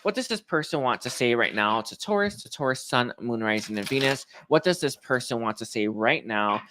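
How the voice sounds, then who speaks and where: A young man giving a tarot reading to viewers, emotional and halting, with many fillers and restarts. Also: mid-range voice, expressive, background noise. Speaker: tarot reader.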